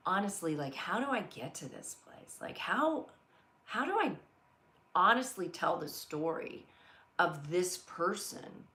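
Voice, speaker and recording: Earnest gravelly woman hosting a live talk. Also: sits low, fairly bright tone. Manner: earnest, storytelling, reads viewer comments aloud. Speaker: host of a live inspirational show. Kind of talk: heartfelt live motivational talk.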